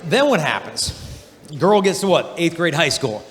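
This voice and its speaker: A man giving an energetic youth conference talk, telling animated stories and acting out the voices of people he describes. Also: on the high side, moderate pace, slight background noise. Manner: animated storytelling, acts out quoted voices. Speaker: conference speaker. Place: large hall. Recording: long hall reverb.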